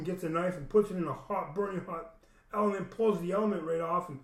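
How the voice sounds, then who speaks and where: A young man with a high-pitched voice and brisk pace tells a long, meandering story as a casual rant, swearing freely, restarting often, and acting out other people's lines. The room sounds echoey.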